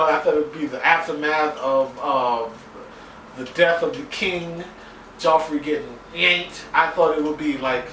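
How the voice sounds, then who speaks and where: Excitable man recapping a TV episode. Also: a little high, roomy sound, distant mic, slight background noise, rough recording. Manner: excitable, swears a lot, acts out scenes in voices. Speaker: TV episode reviewer. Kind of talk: casual profane recap.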